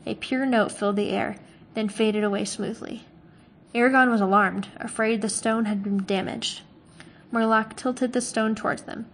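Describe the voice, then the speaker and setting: A woman's voice: a little high, steady tone, normal speed. Woman reading a novel aloud. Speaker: reader.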